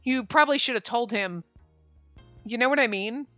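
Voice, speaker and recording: A woman's voice: on the high side, moderate pace, no echo, faint music behind. A young woman streamer playing a visual novel, ranting and laughing with lots of swearing. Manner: animated, profane, laughing rants. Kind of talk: let's play commentary, reading aloud.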